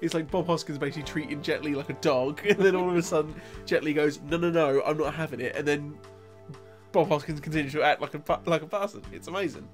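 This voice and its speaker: A man's voice: a little high, quick pace, faint music behind. A man chatting on a gaming livestream, rambling with fillers and hesitations and laughing now and then. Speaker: co-player guest. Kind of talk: casual gaming stream chat.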